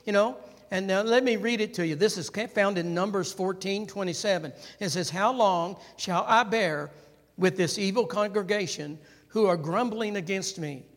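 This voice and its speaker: High-voiced preacher with gravelly edge. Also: male voice, normal speed. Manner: conversational preaching with constant "right?" tags; animated, calls for congregation response. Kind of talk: sermon. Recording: long hall reverb.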